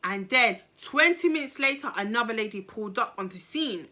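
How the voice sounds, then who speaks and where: A woman vlogger telling a story in a lively, slangy way, acting out the people in it. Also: fairly high pitch, brisk. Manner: animated, slangy, acts out the people in her story. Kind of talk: storytime vlog.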